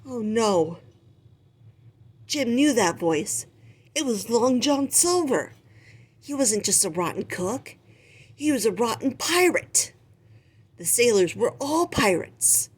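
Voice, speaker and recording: Lady reading a kids book out loud, slow and bouncy, lots of ups and downs. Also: fairly high pitch, husky. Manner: expressive, animated storytelling. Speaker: storybook reader. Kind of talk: reading a children's picture book aloud.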